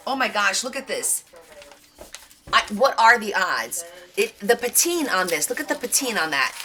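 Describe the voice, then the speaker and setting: A woman's voice: mid-range voice, very animated, normal speed, bright, forceful tone, slight background noise. A woman hosting a casual live craft stream, chatting and gushing as she shows off her thrift finds. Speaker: craft channel host. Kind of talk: casual live show-and-tell.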